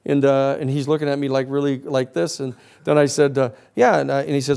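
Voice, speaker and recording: A man with a gravelly, fry-edged voice tells a story to a class. He is animated and acts out the other people's lines as he goes, at a middling pitch. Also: a little fast. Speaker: lecturer.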